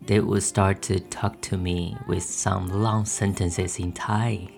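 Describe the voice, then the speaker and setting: A man's voice: deep voice, level tone, slow pace, gravelly. A man hosting a beginner language-lesson podcast, speaking carefully and repeating each phrase twice for listeners to practice. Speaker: podcast host teaching language. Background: soft background music.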